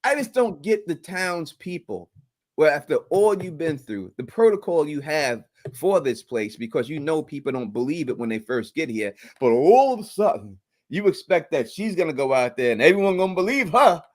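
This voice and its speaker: A man's voice: big pitch swings, moderate pace. A man in a casual TV recap chat, emphatic and ranting about the characters. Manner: emphatic, sweeping pitch.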